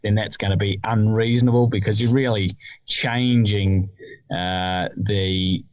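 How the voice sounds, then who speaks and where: A man with a fairly low voice talks through a rule in a relaxed podcast chat. He pauses and restarts as he thinks, and the sound is dry and close. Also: no room sound. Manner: hesitant, restarts often with fillers while explaining. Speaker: podcast co-host explaining golf rules.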